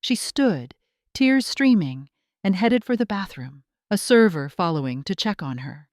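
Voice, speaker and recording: A woman narrating a first-person drama story in a steady, scripted storytelling delivery. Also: mid-range voice, measured pace, dry recording, studio quality.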